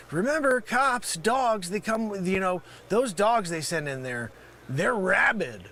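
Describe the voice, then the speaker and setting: Male improv host, lively pitch, abrasive bark, faint hiss behind. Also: slow. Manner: bellowing, insulting, lurches from loud to muttering. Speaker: host of a live improv comedy show. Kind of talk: improvised comedy sketch.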